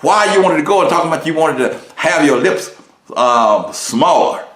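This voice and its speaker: A man doing an indignant God, stern, pointed questions, pitched well above his normal voice, roomy echo. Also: animated, moderate pace, fairly bright tone.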